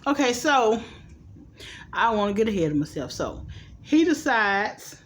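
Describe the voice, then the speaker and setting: A woman's voice: a little high, big pitch swings. A woman recapping a TV episode in casual chat, sassy and playful, tossing in asides and acting out the characters' lines. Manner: chatty and sassy, quick asides like "child" and "boo"; acts out the characters' lines in quick changes of voice. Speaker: TV recap host.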